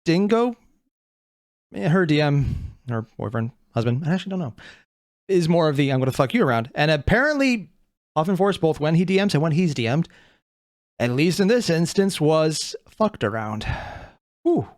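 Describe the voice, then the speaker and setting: A reaction video host giving casual commentary, animated, thinking aloud and swearing often. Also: medium pitch, moderate pace, no echo, studio quality.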